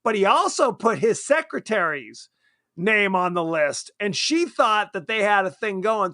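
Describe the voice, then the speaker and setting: A man with a high, bright voice that swoops widely as he chats. He co-hosts a casual film podcast and keeps slipping into quick silly character voices. The sound is dry and close. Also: no room sound. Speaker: podcast co-host. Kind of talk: casual chat about a horror film.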